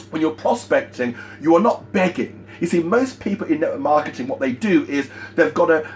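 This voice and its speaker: A man giving a motivational sales training talk, emphatic and energetic, repeating his key points. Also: fairly high pitch, slight background noise.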